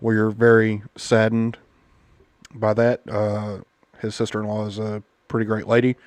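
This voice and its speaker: This American podcast host, an adult parent, has a lowish, monotone voice and a moderate pace, recorded dry. His casual political chat is blunt and indignant, packed with fillers.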